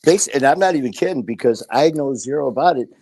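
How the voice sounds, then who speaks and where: A man's voice: medium pitch, expressive, fast talker, darkish tone. Candid, swearing man telling stories. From Detroit, Michigan. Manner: candid, swears freely, tells stories with quoted dialogue. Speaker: podcast guest. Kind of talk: casual interview talk.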